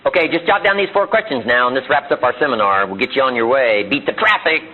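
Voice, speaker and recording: This is a middle-aged motivational speaker addressing a seminar audience at a fast clip, his medium-pitched voice lively in intonation. He leans on rhetorical questions and acts out quotes, while the tinny archive recording, phone-like in quality, carries slight background noise.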